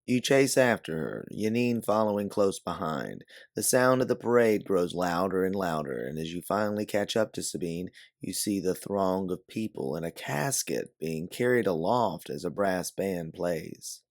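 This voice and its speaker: A man narrating a second-person audiobook story in a steady, measured way. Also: sits low, no echo, studio quality.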